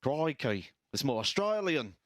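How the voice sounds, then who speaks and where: A man's voice: medium pitch, very animated, measured pace, dry recording. A man commentating live darts, wry and teasing.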